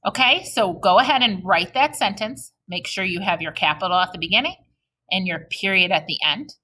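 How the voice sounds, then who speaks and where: This woman teacher has a medium-pitched, animated voice with a sharp edge. She's recording a reading lesson for small children, staying patient and encouraging and slowing right down as she models each sentence.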